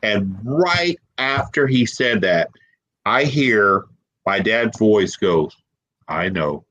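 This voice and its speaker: A man as an interview guest telling a personal story, emotional and halting, repeating words as he holds back tears. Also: fairly low pitch, animated, fairly bright tone, highs cut off. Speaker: guest paranormal investigator.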